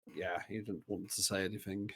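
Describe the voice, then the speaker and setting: A man's voice: low-pitched, fairly even intonation, moderate pace, a bit bright, breathy edge. A man, a player in a tabletop game, explaining his character's actions casually and hesitantly.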